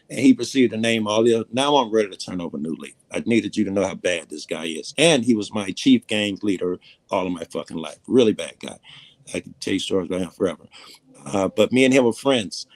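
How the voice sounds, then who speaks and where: A man's voice: on the low side, lively intonation, fairly quick, no echo. A man telling a personal story in casual conversation, blunt and profane, rambling as he goes. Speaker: panel guest.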